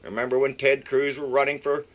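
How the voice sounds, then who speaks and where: A man's voice: medium pitch, flat delivery, brisk, a bit bright. A man hosting his own show, giving a blunt, folksy political rant full of mockery. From Texas. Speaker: political vlogger.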